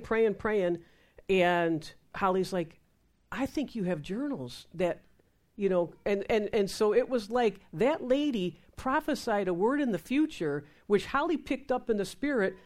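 Woman ministry speaker, storytelling testimony, voices the quotes. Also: medium pitch. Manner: lively, acts out dialogue in quoted voices.

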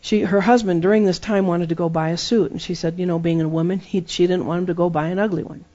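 A man's voice: high voice, fairly even intonation, fast, warm tone. A man preaching a sermon, emphatic and repeating key phrases for effect. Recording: dull lo-fi sermon recording.

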